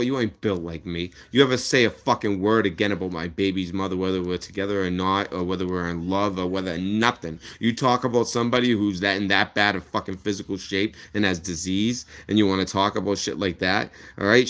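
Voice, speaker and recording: A man's voice: on the low side, a bit bright. A man hosting a livestream, ranting in a heated, profane and threatening way, repeating himself. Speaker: livestream host. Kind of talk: angry livestream rant.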